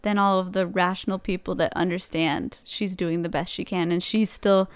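Clear-voiced young woman, dry close sound. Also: on the low side, fairly even intonation, moderate pace, no echo. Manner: agreeable, frequent backchannel "yeah". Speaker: co-host. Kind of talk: casual chat.

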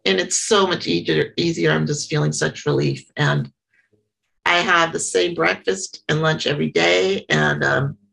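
A middle-aged woman sharing her story at a small meeting, halting and earnest, with frequent pauses and restarts. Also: sits low, steady tone, gravelly, a bit bright, slightly rough, low-quality recording. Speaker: member sharing at a support meeting. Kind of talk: personal share at a small meeting.

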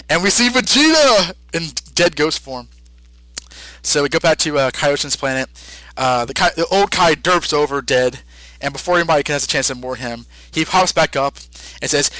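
A man's voice: a little high, animated, normal speed, sharp tone, no echo. A young man hosting a podcast, casually recapping an episode with rambling asides and acted-out quotes. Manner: rambling, laughs and acts out quotes. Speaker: podcast host.

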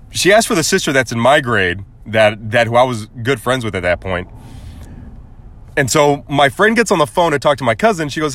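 A man's voice: mid-range voice, fairly quick. A young man from Arizona telling a casual story on his podcast, swearing freely and acting out the people in it. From Arizona, USA. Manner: animated, acts out quoted voices, swears casually. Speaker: podcast host.

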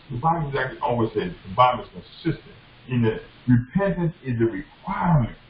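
A man preaching a sermon as a bishop, impassioned and repetitive, often calling out to the congregation. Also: a little high. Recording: echoey dull lo-fi room recording.

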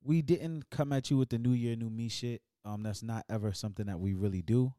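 A man's voice: medium pitch, fairly even intonation, brisk, dark tone, no room sound, clean studio sound. A man hosting a podcast, chatting casually, teasing his guest and throwing in preacher-style call-outs. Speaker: podcast host.

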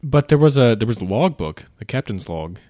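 A man's voice: mid-range voice, big pitch swings, a little fast, mellow, no room sound, studio quality. A man co-hosting a podcast, chatting casually and loosely, trading puns and jokes. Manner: joking, loose, pun-telling. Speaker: podcast co-host.

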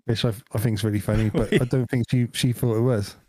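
A man's voice: medium pitch, fairly even intonation, quick pace, dark tone, no room sound. A man co-hosting a casual podcast chat in an easygoing way, asking friendly questions. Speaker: podcast co-host.

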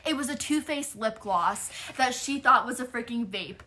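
A young woman on a podcast, telling a story in a lively, profane way. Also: fairly high pitch, normal speed. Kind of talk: casual chat.

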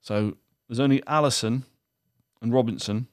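A man's voice: mid-range voice, normal speed, no echo, clean studio sound. A young man hosting a casual podcast, teasing his co-host with jokes, laughter and the odd swear word while running a quiz. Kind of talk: casual banter.

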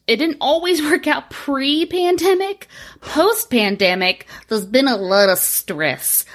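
A woman's voice: medium pitch, a bit bright. A woman in her thirties co-hosting a podcast, chatting casually with lots of swearing, fillers and laughs. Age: 30s. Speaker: podcast co-host.

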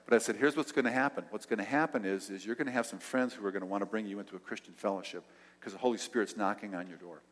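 An older male pastor telling a story in a sermon, acting out the dialogue and dropping to soft tones. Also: lowish voice, very fast. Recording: long hall reverb.

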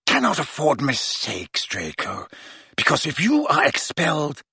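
A man voicing a cold, stern male schoolmaster who speaks low, quietly and in clipped phrases, in an audiobook. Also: huge pitch swings, measured pace, gravelly, slightly rough, no echo, full character voice. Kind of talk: audiobook character voice.

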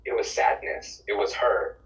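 A man's voice: a little slow, fairly bright tone, distant mic, lo-fi sound. A man on a faith podcast talking earnestly about worship and emotion, telling a story and restarting his words now and then. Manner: earnest, storytelling, repeats words when starting. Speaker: podcast co-host. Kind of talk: reflective faith talk.

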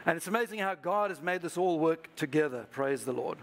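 High-voiced man preaching a sermon. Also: expressive, brisk, vocal fry. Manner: preaching to a live congregation, prompting call-and-response. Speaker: pastor. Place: church service.

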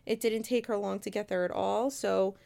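A woman's voice: medium pitch, fairly even intonation, normal speed, gravelly, mellow. A woman casually telling a true-crime story, chatty and conversational, with asides to her listeners. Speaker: storyteller host.

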